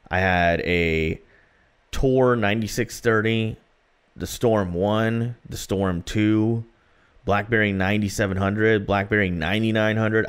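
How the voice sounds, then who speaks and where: A man's voice: fairly low pitch, clear, resonant tone. A man co-hosting a podcast, chatting casually and telling rambling stories with plenty of fillers. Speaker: podcast co-host.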